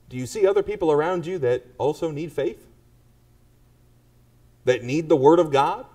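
A man's voice: on the high side, animated, normal speed, pauses often, mellow, recorded from a distance. A man preaching a sermon to a congregation and pressing them with pointed rhetorical questions. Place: church.

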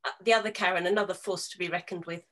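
A woman's voice: on the low side, steady tone, a bit bright. Chatty British woman moderating a panel. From United Kingdom. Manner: chatty, teasing, quick asides. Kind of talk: casual panel chat.

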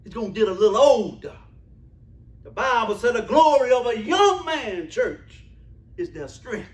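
Man preaching, very high voice, emphatic repeating cadence, echoey church room. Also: big pitch swings, normal speed. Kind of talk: sermon.

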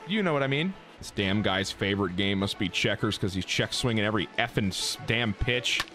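A man giving live gameplay commentary, excitable and full of profane trash talk. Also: on the low side, fairly quick, over music. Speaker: gaming YouTuber.

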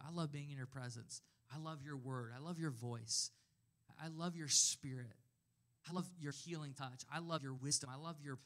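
A male pastor in his thirties delivers a sermon in a relaxed, conversational way, telling personal stories with animation. His voice is bright and a little high.

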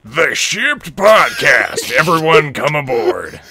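A man voicing a theatrical pirate-style ad announcer who talks slowly and grandly. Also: fairly high pitch, big pitch swings, gravelly, bright, forceful tone, slightly rough, heavily acted. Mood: hammy.

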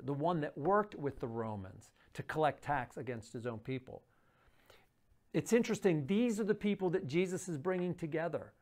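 A pastor giving a daily devotional Bible teaching in a conversational way, often pausing and restarting, reading verses aloud and then explaining them. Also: medium pitch. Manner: conversational, with frequent fillers and restarts; reads scripture aloud and explains it.

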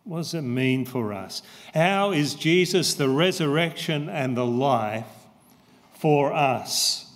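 A man preaching a sermon as pastor, slow and emphatic, repeating his key phrases. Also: a little high, animated. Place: church. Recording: long church reverb.

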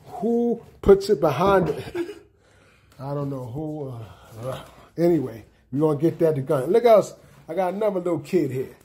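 A middle-aged man with a slightly high, unhurried voice that has a breathy edge gives a relaxed tour of his apartment for a home vlog. Speaking indoors in one of the rooms, he keeps checking in with "okay?"

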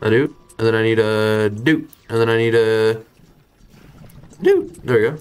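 A young man giving live gameplay commentary as a streamer, excitable, swearing and thinking out loud as he plays. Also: on the low side, a little slow, soft background music.

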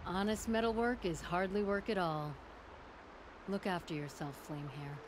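A woman playing a hearty middle-aged weapon-smith in a game, brisk and plain-spoken. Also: lowish voice, natural voice. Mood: proud, brisk. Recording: game audio under loud noise.

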